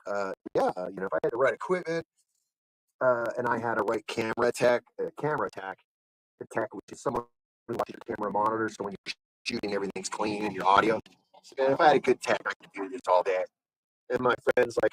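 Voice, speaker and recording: A man's voice: lowish voice, fairly quick, no room sound, poor audio. A man hosting a live online show, telling a long story in a casual, rambling way and acting out the other people's lines. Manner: animated, acts out other people's lines in the stories; rambling, with frequent fillers and restarts. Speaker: livestream show host.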